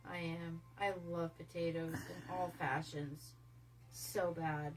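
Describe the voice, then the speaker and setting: A middle-aged woman chatting casually as co-host, soft-spoken and telling family stories. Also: fairly low pitch, level tone, slow pace, a little hiss or hum, low-quality recording. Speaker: co-host, mother. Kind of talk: casual chat.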